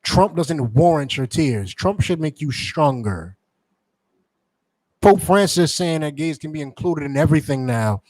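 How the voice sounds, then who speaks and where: A man delivering a forceful sermon to his members, repeating points and asking rhetorical questions. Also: on the high side, expressive, unhurried, no room sound, low-quality recording. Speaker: teacher addressing members. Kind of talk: street-preacher style sermon.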